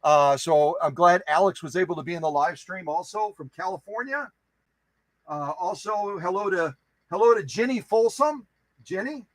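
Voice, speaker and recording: A man's voice: sits high, normal speed, dry recording, low-quality recording. A man hosting a live stream who chats casually with viewers, greeting them by name in a playful, goofy way and repeating phrases for fun.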